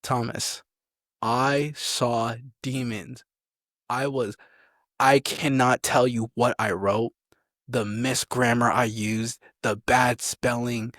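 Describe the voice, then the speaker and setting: A young adult man, a soldier, telling stories in a casual, animated way, laughing often and acting out what people said. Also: mid-range voice, slow pace, no echo, studio quality. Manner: animated, laughing, acts out quotes. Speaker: army soldier, podcast guest. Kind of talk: casual storytelling chat.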